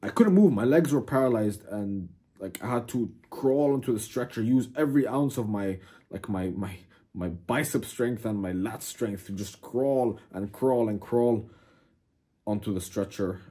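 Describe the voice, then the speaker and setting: A young man casually telling a dramatic personal story to camera, animated, cursing and calling the listener "bro". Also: lowish voice, a little slow, slightly rough. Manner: animated, swears a lot, keeps saying "bro". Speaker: vlogger.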